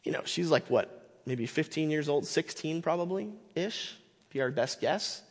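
Male Bible teacher, high voice, lively and emphatic, hall reverb. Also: measured pace. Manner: animated, emphatic, frequent fillers and restarts. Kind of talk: classroom Bible lesson.

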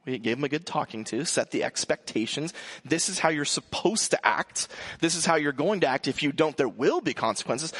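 Joking, animated male preacher. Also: fairly high pitch, a little fast, gravelly, slightly rough. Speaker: pastor. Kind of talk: sermon.

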